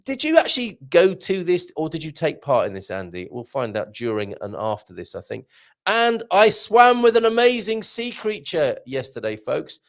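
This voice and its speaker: A man's voice: fairly high pitch, huge pitch swings, moderate pace. A man hosting a casual live morning show, reading out viewer comments and chatting with a jokey manner. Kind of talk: casual live-stream chat.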